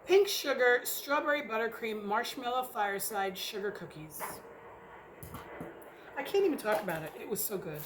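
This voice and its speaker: A middle-aged American woman gives a casual home review of wax melts. Her voice sits a little high, and she talks in an excitable, rambling way, dropping curses as she goes. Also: moderate pace, background noise. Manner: chatty, excitable, swears casually. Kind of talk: casual chat. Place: home near an airport.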